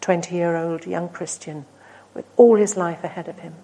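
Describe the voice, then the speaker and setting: A woman delivers a sermon in a mellow, darker voice. She tells stories earnestly, pushing lines out with emphasis and then letting them fall almost to a hush. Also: on the low side, fairly even intonation, moderate pace, breathy edge, low-quality recording. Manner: earnest, rising to emphatic then dropping to hushed. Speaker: preacher.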